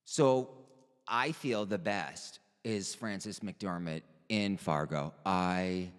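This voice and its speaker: A man rambles through a stand-up monologue, cutting himself off and laughing at his own jokes. His voice sits fairly low and he takes his time. The sound rings with the long reverb of a large hall. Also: drawn-out words. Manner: slips into put-on accents. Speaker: stand-up comedian. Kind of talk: improvised comic monologue.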